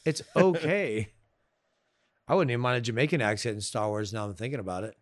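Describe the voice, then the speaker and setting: A man's voice: medium pitch, fairly quick, no echo. A man co-hosting a podcast, blunt and sarcastic, swearing freely in casual film talk. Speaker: podcast co-host. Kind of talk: casual film review chat.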